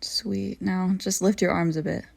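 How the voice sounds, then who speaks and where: A woman doing a soft, gravelly whispered role-play roommate. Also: on the low side, steady tone, normal speed. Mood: tender. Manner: soft, teasing and tender. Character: affectionate young woman roommate, gentle and teasing. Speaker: audio role-play performer.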